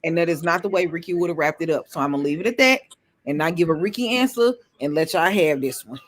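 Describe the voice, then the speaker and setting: A man's voice: on the high side, animated, fast talker, fairly bright tone. A man on a podcast panel, playful and blunt, swearing freely in casual banter. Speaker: panel regular.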